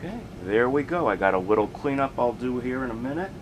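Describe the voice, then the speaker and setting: A man casually narrating a hands-on turntable repair in a relaxed, plainspoken way while he works in a home workshop. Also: mid-range voice, fast talker, noisy background. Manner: relaxed, plainspoken, working as he talks. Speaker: hobbyist restoring a turntable.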